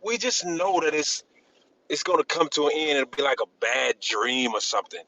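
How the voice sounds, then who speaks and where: A man in a casual group discussion, talking in a rambling, halting way with many restarts and emphatic bursts. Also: medium pitch, animated, pushed and bright, dry recording, poor audio. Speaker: discussion panelist.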